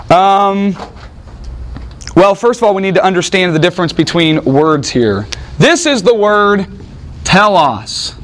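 A man preaching a sermon in an animated, conversational way, with joking asides to the congregation. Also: sits high. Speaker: pastor.

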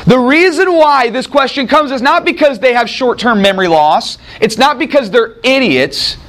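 A man with a high voice lectures to a class on a Gospel passage. He keeps asking the room questions and then answers them himself. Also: animated, moderate pace, a bit bright. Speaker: Bible teacher.

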